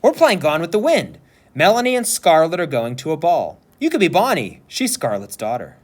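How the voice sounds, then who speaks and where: A man doing a brisk, bossy older sister. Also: a little high, wildly swooping pitch, pitched above the performer's own voice. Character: brisk older-sister girl, about ten. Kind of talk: read-aloud storytelling.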